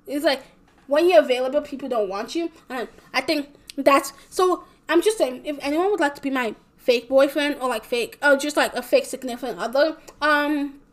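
Young woman, high-pitched voice, casual vlog rant, heavy fillers, frequent swearing, rambling. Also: normal speed. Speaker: vlogger.

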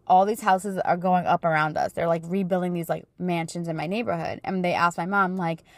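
A woman's voice: on the low side, fairly even intonation, fairly quick, no echo. A woman in her thirties hosting a casual faith talk, telling stories in an earnest, chatty way with plenty of fillers. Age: 30s. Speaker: podcast host.

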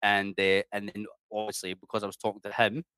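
Scottish guy spinning yarns on a podcast, lowish voice, calls everyone mate, dead dry close mic. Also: completely flat delivery, brisk, sharp tone, dry recording. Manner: chatty, swears freely, says "mate" a lot. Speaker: interview guest. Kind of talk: casual storytelling.

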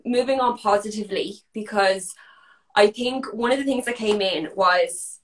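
A woman's voice: mid-range voice, moderate pace. A woman hosting a podcast interview, earnest and supportive as she reads listener questions to her guest. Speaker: podcast host. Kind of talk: interview chat.

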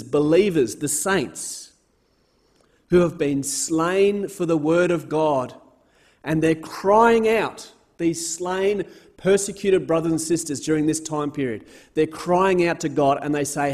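Earnest male preacher, fairly high voice, repeats key words, builds force on scripture readings. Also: unhurried, darkish tone. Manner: reads scripture aloud with rising force. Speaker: speaker giving a Bible talk. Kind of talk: sermon.

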